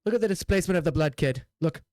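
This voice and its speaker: A game master plays a seasoned male ranger in a tabletop game, blunt and wry, clipping his words briskly. The voice sits close and dry. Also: medium pitch, expressive, darkish tone, no echo, lightly acted.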